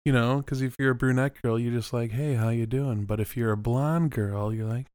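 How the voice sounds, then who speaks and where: A man co-hosting a podcast banters and teases playfully in casual chat. His voice is medium-pitched with fairly even intonation, a darkish, clear, resonant tone, and a normal speed. The recording is dry, with clean studio sound.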